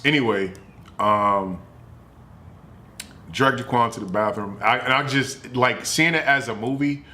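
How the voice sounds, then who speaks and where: A man streaming from home, telling a family story in a loose, animated and profane way. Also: medium pitch, a little slow, long pauses, a little hiss or hum. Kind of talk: casual storytelling.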